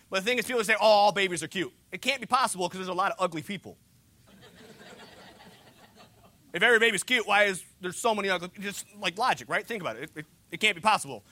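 A man's voice: sits high, pushed and bright, dry recording. A young man preaching a sermon, with a joking, conversational delivery and humorous asides. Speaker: pastor.

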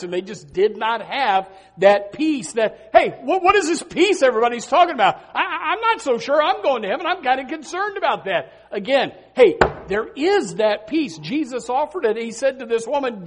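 A male pastor preaching a sermon, swinging between loud emphasis and hushed earnest lines, with many repeated words and restarts. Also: sits high.

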